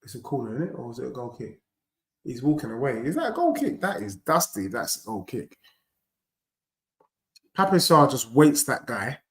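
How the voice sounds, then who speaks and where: A young man, hosting a live football watchalong, bantering in slang and reacting loudly to the play. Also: mid-range voice, big pitch swings, normal speed, pauses often, reverberant. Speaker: fan channel host.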